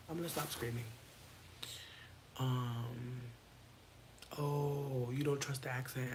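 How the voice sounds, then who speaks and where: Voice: mid-range voice, slow, pauses often. Dramatic livestreamer on a noisy mic. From Connecticut, USA. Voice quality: expressive, swears freely, slips into whispers. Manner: dramatic, playful, talks to chat. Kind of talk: casual livestream chat. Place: at home late at night.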